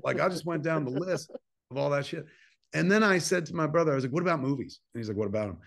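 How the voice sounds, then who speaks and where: A man in his fifties from New Jersey, a filmmaker telling a long personal story in a casual interview. He swears freely and acts out quoted dialogue in animated bursts. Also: on the high side, quick pace, vocal fry. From New Jersey, USA. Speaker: filmmaker guest.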